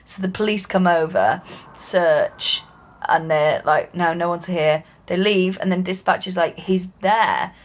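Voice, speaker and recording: A woman's voice: lowish voice, measured pace. A woman co-hosting a comedy podcast, telling stories in a sweary casual chat and acting out the quotes. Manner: sweary, storytelling, acts out quotes.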